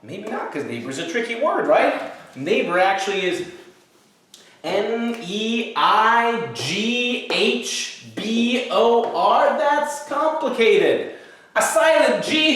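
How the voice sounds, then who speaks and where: A male pastor with a high voice leads a children's Sunday school lesson as a playful story, acting out each part himself. He sounds far from the microphone. The room is heavily echoey.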